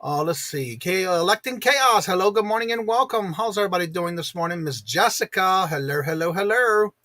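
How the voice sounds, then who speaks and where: A man hosts a casual morning live stream, his voice sitting fairly high for a man. He chats easily and greets each viewer by name. The sound is dry and close, with no room echo. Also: expressive, a little fast, sharp tone.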